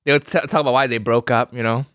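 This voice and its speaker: A man chatting casually as a podcast co-host, with dry teasing and deadpan asides. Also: mid-range voice, fast, clean tone, dry recording. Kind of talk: casual chat.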